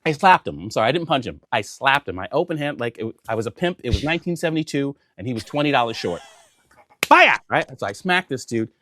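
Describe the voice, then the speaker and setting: A man, a comedian and guest, telling a story in a casual, animated way. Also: mid-range voice, quick pace, few pauses, a little hiss or hum. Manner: animated, lively.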